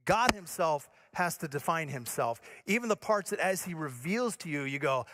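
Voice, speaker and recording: A male pastor from Michigan preaching a sermon, earnest and direct, swinging between emphatic points and soft, low passages. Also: expressive, moderate pace, hardly any pauses. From Michigan, USA.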